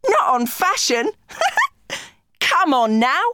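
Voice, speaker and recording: A sensible schoolboy who likes to tease his friends, played by a woman reader. His voice is raised and bright with a joking lilt, read slowly and with lots of melody. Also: high-pitched, big pitch swings, very noisy, pitched above the performer's own voice, exaggerated voice. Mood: teasing.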